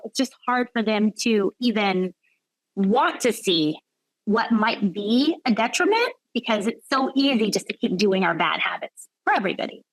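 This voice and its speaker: This physician guest has a fairly high voice, heard in a rough recording with no room sound. In a conversational interview she thinks aloud reflectively, frequently dropping in "right?" and "like."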